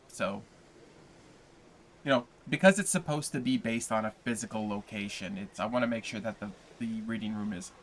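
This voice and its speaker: A man's voice: on the low side, fairly bright tone. A man hosting a livestream, chatting casually and playfully with his viewers before a reading. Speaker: livestream host and reader.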